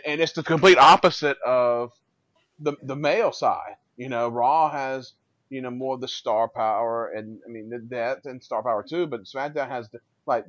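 A man's voice: mid-range voice, a bit bright, no room sound. Tired man teasing his co-hosts. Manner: teasing, asks co-hosts questions. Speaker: podcast co-host. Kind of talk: casual wrestling chat. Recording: dry, dull lo-fi recording.

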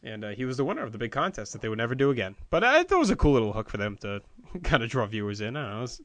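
A man's voice: mid-range voice, sing-song, rapid-fire, fairly bright tone, dry recording. A man co-hosting a podcast, casually recounting memories with fillers and the odd laugh. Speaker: podcast co-host. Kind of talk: casual chat recalling old wrestling shows.

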